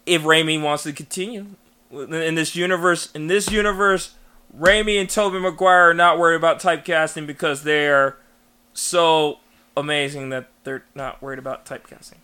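A man co-hosting a casual fan podcast, excitable and quick to laugh, often restarting his sentences. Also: fairly high pitch, clear, resonant tone. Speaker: podcast co-host. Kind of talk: casual chat.

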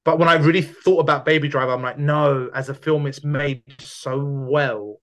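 Chatty man, slightly higher voice. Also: normal speed. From London. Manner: animated storyteller, stumbles and repeats words. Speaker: podcast co-host. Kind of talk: casual film chat.

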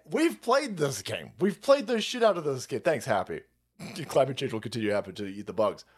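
A man hosting a livestream, ranting in a foul-mouthed, sarcastic and exasperated way and repeating words in rapid bursts. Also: sits high. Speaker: livestream host. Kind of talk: profane livestream rant.

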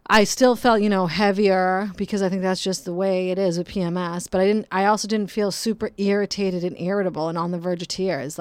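A woman's voice: mid-range voice, fairly even intonation, a little fast, hardly any pauses, smooth, dry recording. Female podcast host, casual profane rant, mid-range voice, dry recording. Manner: blunt, profane, ranting. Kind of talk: casual monologue.

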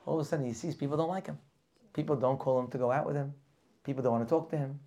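A man teaching a lively weekly Torah class, full of rhetorical questions and acted-out characters. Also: mid-range voice, very fast.

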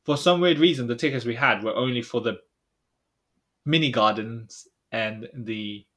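A young man, co-hosting a podcast and recounting a trip in casual chat, rambling with many fillers and trailing off quietly. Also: medium pitch, normal speed. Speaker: podcast co-host.

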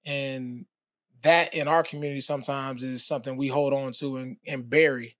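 A man's voice: medium pitch, moderate pace, no echo, clean studio sound. Laid-back man telling his story. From United States. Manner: relaxed storytelling with many fillers. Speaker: podcast guest, former pro quarterback. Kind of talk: casual interview talk.

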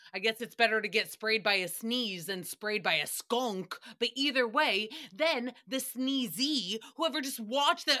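Young woman, podcast recap host: bright, a bit high, sarcastic profane ranting. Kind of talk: solo comedic rant.

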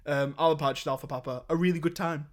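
A man's voice: on the high side, steady tone, fast talker. A young man hosting a podcast in casual, rambling chat. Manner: rambling, chatty, laughs while retelling scenes. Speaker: podcast host.

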